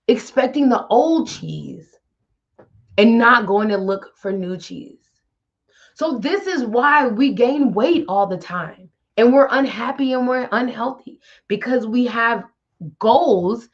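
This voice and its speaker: This wellness host's voice sits on the high side, captured with lo-fi sound. She offers casual motivational talk, chatting bluntly and speaking directly to whoever's listening.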